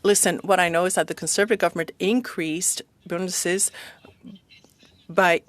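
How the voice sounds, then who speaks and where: Woman interpreting live, steady and dry. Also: lowish voice, normal speed, dry recording. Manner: steady, even delivery with frequent hesitations. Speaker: simultaneous interpreter. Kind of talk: live interpretation at a parliamentary committee.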